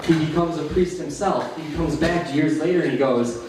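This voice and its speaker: A slightly high, somewhat mellow voice belongs to an open mic comedian with an Upper Midwest American accent, who works through rambling jokes at a moderate pace and laughs nervously at his own expense. The stand-up set takes place on a small cafe stage. The recording catches him from a distance in a very echoey room, over a faint hiss.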